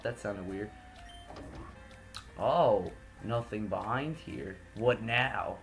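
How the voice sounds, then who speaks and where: Let's play host, rambling and joking, faint game music behind. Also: male voice, fairly low pitch, extremely slow, long pauses. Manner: joking, rambling, self-correcting. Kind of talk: gameplay commentary.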